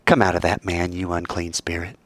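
A preacher voicing a calm, firm holy man who orders a spirit out in a low voice. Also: a little fast, dry recording. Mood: commanding.

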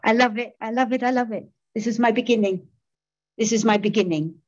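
A woman's voice: fairly high pitch, a little fast, muffled recording. An older woman, giving a personal testimony about her recovery, self-mocking, emotional and often laughing. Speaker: recovery speaker.

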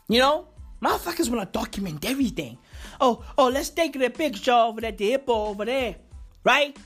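A woman's voice: a little high, fairly bright tone. A woman on a comic rant, slangy and profane, repeating lines for effect. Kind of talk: comedic rant.

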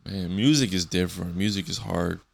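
A man's voice: deep voice, moderate pace, gravelly. A man in his twenties hosting a solo podcast, rambling loosely and swearing often. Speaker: podcast host.

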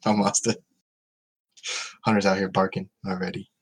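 Man, low voice, casual podcast co-host, rambling storyteller, chatty. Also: flat delivery, normal speed, husky. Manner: rambling storyteller, restarts and laughs often. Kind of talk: casual chat.

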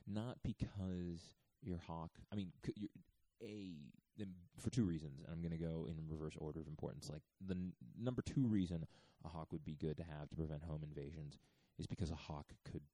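Low, very dark, dry male voice, hushed and rambling; swears a lot, chuckles often, drifts from topic to topic. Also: brisk, hardly any pauses, dry recording. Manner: hushed, half-whispering; profane, digressive, chuckling. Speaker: podcast host. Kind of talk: rambling comic monologue. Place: renovated church getaway, indoors.

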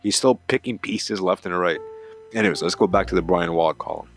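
A deep-voiced man with a lively, creaky delivery hosts a hockey podcast, talking briskly over soft background music. He reads a column aloud while ranting in a heated, profane, rambling way.

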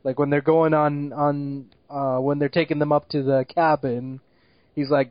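A man's voice: on the high side, level tone, a little slow, dry recording, dull audio. A man co-hosting a casual movie review chat, ranting with exasperation, swearing often and laughing at what he mocks. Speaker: movie review podcast co-host.

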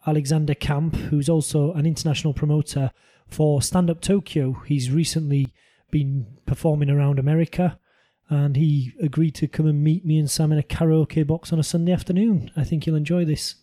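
A man's voice: on the high side, steady tone, brisk, warm tone. A man hosting a podcast, introducing a guest and chatting in a dry, teasing way. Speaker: podcast host. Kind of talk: casual interview chat. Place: karaoke box.

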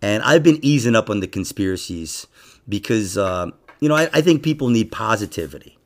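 Brief: middle-aged male podcast host, animated, profane, wide-ranging pitch. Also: brisk. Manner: loud, profane, animated, laughing often. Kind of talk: casual podcast chat.

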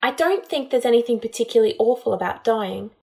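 A woman reading a storybook, voicing a distraught young witch healer who talks in a halting, tearful way. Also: fairly high pitch, lively intonation, creaky, mellow. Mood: anguished.

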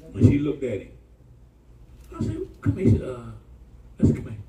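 A male pastor preaching a sermon, telling stories in a colloquial, animated way and calling out to the congregation. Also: medium pitch, a little fast, slight background noise. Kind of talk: sermon storytelling. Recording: echoey room from far off.

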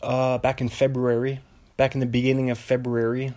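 A man's voice: mid-range voice, completely flat delivery, a little fast, mellow. A young man from Western Washington chatting alone in a meandering way, breaking off into tangents and giggly asides. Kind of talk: rambling solo casual chat.

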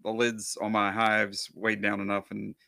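A middle-aged man co-hosting a podcast, giving short, relaxed replies and slowing down when he tells a story. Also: on the low side, vocal fry, dry recording. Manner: laid-back, brief replies, slow when telling a story. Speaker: podcast co-host. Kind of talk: casual chat.

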